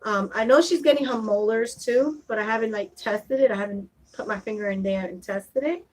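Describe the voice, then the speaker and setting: A woman's voice: on the high side, a little fast, rough recording. A woman vlogging at home, talking to her baby in a coaxing voice and chatting with viewers. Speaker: vlogger and mother. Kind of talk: casual home vlog chat.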